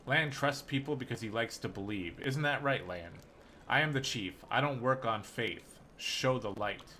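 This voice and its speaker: A man's voice: mid-range voice, lively intonation, moderate pace, pushed and bright, a little hiss or hum. A man reading the lines of a wary, aged, rat-faced mongrel chief in a game, in short clipped sentences, without much of a put-on voice. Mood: distrustful.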